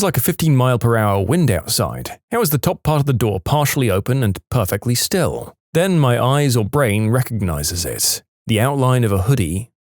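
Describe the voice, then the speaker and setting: A man's voice: medium pitch, darkish tone, no room sound, clean studio sound. A man narrating reader-submitted stories in a dramatic storytelling manner, with wry asides. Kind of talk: scripted narration of reddit stories.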